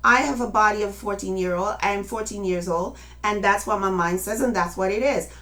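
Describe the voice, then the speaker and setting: Speaking a little fast at medium pitch with a slightly bright tone, a late-fifties woman activist delivers a heartfelt personal testimony to viewers. At moments close to tears, she passionately calls on her audience to act.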